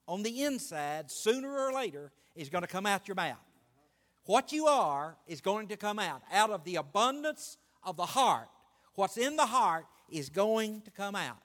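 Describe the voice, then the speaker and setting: A man preaching a sermon, building excitement and stretching out key phrases. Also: sits high. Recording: long hall reverb.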